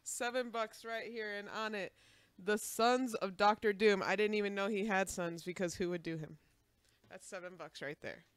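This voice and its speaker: A woman with a Chicago accent pitches comics on a live-stream sale. Her voice sits in the middle range. She is loud and playful, and she cracks jokes as she goes. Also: moderate pace, clear, resonant tone. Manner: loud, playful, joking, laughs easily. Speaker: comic shop co-host. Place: comic book store.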